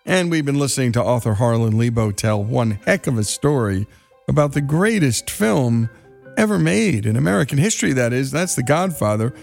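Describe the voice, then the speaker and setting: A man's voice: medium pitch, lively intonation, moderate pace, gravelly, darkish tone, soft background music. A man hosting a radio show, wrapping up a segment with enthusiastic, emphatic commentary. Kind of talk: program wrap-up commentary.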